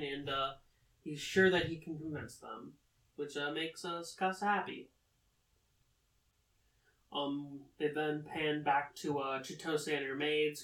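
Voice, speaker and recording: A man giving a casual plot recap, rambling and pausing on many fillers. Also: on the high side, pushed and bright. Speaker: anime recap host. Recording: roomy, distant from the mic.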